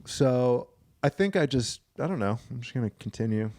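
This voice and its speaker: A gravelly, creaky-voiced man co-hosting a podcast in loose, rambling banter. He swears freely, drifts between thoughts and slips into silly voices, recorded close and dry in a studio. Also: medium pitch, animated, moderate pace, darkish tone, dry recording. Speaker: podcast co-host.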